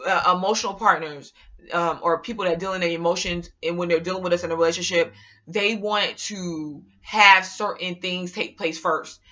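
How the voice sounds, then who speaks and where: A woman vlogger talking casually to her viewers in an animated, rambling, slangy way. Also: on the low side, normal speed, muffled recording. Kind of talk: casual monologue to camera.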